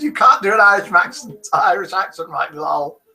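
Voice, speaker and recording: British man, live show host, teasing and chatty, high bright voice, very animated delivery. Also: normal speed, vocal fry, low-quality recording. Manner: teasing, chatty, self-mocking. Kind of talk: live broadcast chat, reading viewer messages.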